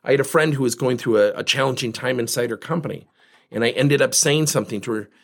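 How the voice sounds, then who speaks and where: A man's voice: mid-range voice, fast talker, creaky. A man hosting a coaching podcast, talking emphatically to his listeners and asking rhetorical questions. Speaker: leadership coach and podcast host. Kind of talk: podcast monologue.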